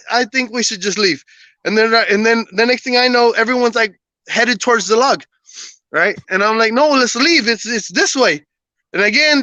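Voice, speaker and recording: A male podcast guest with a very high voice tells a personal story in a casual, animated way, laughing often and acting out what people said. The audio is poor, with no room sound.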